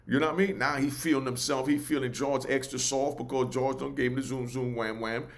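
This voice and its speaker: Animated storyteller. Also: male voice, medium pitch, brisk. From New York. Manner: animated, loose, keeps asking "you know what I mean". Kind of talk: casual oral storytelling.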